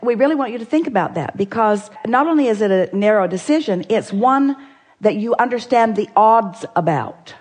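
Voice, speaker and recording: A woman fielding questions at a live seminar, referring to herself as "we." Her delivery is measured and emphatic, and she repeats phrases to drive a point home. She sounds like she is addressing a hall full of listeners. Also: on the high side, expressive, a little mellow. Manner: speaks as a collective "we", measured and emphatic. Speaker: seminar speaker answering audience questions.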